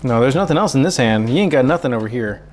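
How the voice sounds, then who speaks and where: A man's voice: mid-range voice, lively intonation, fast. A man hosting a cooking livestream from his kitchen, chatting casually and self-mockingly and cooing at his dog. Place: home kitchen.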